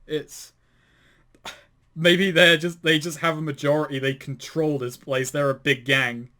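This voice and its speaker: A man's voice: fairly high pitch, little pitch movement, measured pace, sharp tone. A man co-hosting a casual commentary show, reading aloud and mocking it with sardonic asides, frequent swearing and laughter. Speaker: commentary co-host.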